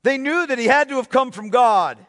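A man preaching a sermon as pastor, emphatic, asking the congregation rhetorical questions and dropping to a hushed voice for effect. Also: extremely high pitch, fairly quick, big-room sound. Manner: dramatic drops to a hushed voice.

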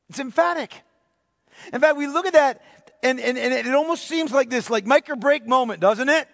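A man preaching a sermon as pastor, emphatic, asking the congregation rhetorical questions and dropping to a hushed voice for effect. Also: very high-pitched, moderate pace, in a large hall. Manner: dramatic drops to a hushed voice.

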